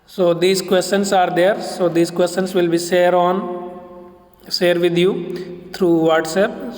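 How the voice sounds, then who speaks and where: A man giving a recorded literature lecture to students, explaining each point slowly and deliberately. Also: on the high side. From India. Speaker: English lecturer. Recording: echoey roomy recording.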